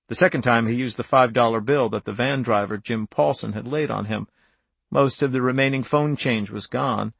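A man reading a novel aloud as an audiobook narrator, in steady, measured storytelling. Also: medium pitch, creaky, no room sound.

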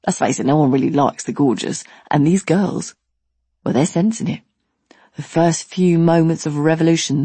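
A woman doing stand-up storytelling, animated and sweary, full of exaggeration. Her voice is low and husky. The sound is dry and close. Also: no echo. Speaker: comedian.

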